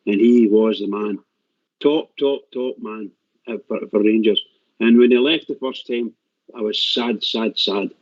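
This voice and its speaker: A man's voice: fairly low pitch, steady tone, unhurried, mellow, no room sound. A man speaking on a call-in show, heartfelt and repeating himself. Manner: repetitive, heartfelt. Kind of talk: casual call-in chat. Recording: dull lo-fi stream audio.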